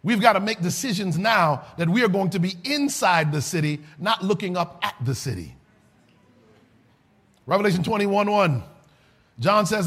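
A man preaching a sermon, rising to shouts and then dropping low and soft. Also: lively intonation, moderate pace, long pauses, slightly rough.

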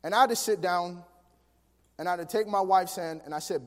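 A man preaching a sermon, telling family stories in an animated way that swings from soft to emphatic. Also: high-pitched, fairly quick. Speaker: pastor. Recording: long hall reverb.

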